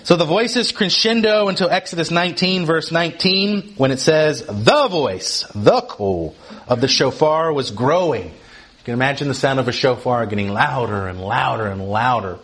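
A man's voice: medium pitch, expressive, moderate pace, fairly bright tone. Man giving Bible teaching. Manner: explanatory, with questions to listeners.

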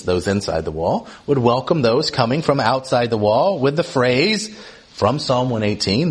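A male pastor teaches from scripture with an animated, swinging delivery. He raises his voice for the quotations he reads and drops back for the explanations. His tone stays at a middling pitch. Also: slightly rough. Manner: animated, lively, reads quotes in a raised voice, asks the congregation questions. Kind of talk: teaching sermon.

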